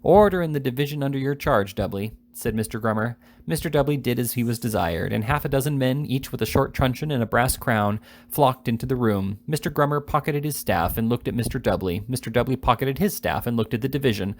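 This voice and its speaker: A man reading a classic novel aloud at a steady pace, with occasional slips and restarts. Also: medium pitch, brisk. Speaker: reader.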